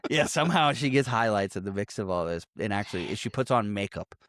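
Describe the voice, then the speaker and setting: A man's voice: on the low side, lively intonation, a little fast, fairly bright tone, dry recording. A man co-hosting a casual movie-review podcast, laughing often and mocking lines from the film. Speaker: podcast co-host.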